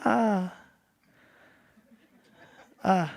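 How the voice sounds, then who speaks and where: A young man with a strikingly high voice gives a motivational keynote on stage. He is energetic and playful, laughing often and throwing "right?" back to the crowd. His sound is close and dry, with almost no room around it. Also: very slow, gravelly, no echo. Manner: laughs often, acts out bits. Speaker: keynote speaker. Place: event stage before a live audience.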